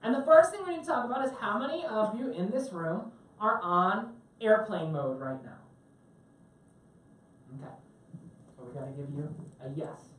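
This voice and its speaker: A woman's voice: medium pitch, expressive, moderate pace, pauses often, slight background noise. A woman teaching a tech class to a live audience on a cruise ship, chatty and joking and asking the room questions. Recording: very echoey room, mic at a distance.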